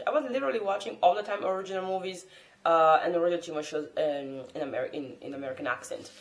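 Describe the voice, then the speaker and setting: A woman's voice: on the low side, a bit bright. A woman from France, a native French speaker, talking to camera in an earnest, thoughtful and encouraging way as a language-learning vlogger. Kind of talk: casual talk to camera. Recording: roomy echo.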